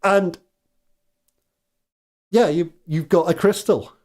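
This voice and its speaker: Slow, hesitant game master. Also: male voice, high-pitched, darkish tone. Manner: hesitant, lots of ums, laughs often. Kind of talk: narrating a tabletop game.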